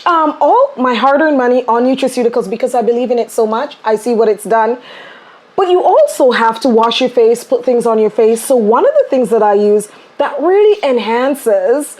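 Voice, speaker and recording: A woman hosting a podcast, enthusiastic and animated as she tells stories and explains. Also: on the high side, moderate pace. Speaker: podcast host. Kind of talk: casual podcast conversation.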